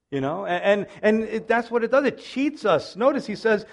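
High-pitched guy pastor, middle-aged, preaching, does little voices for folks he quotes, jokey. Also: normal speed, few pauses. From Italian-American background. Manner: animated, acts out quoted voices, self-deprecating humor. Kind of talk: sermon.

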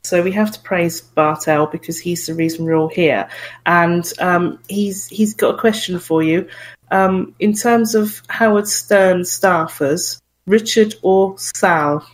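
A woman's voice: lowish voice, takes it slowly, low-quality recording. A woman hosting a podcast, asking questions in an enthusiastic, giggly manner. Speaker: podcast host. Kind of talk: casual interview chat.

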